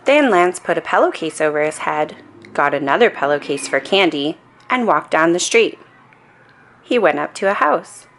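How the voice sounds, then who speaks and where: A woman reading a children's storybook aloud in a calm, soothing bedtime manner. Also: deep voice, moderate pace. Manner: calm, soothing reading with playful character voices.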